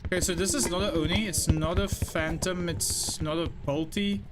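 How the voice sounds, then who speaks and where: A man's voice: on the high side, fairly even intonation, noisy background. A young man streaming a horror game, chatting casually with his viewers and explaining as he plays. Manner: chatty, talks to chat, quick asides and laughs. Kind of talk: casual live-stream chat while gaming.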